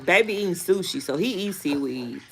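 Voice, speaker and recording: A woman's voice: on the low side, animated, moderate pace, noisy background. A woman in her thirties, a mother, chatting casually with her viewers, calling them y'all and laughing often. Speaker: vlogger reading viewer comments. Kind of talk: casual live chat with viewers.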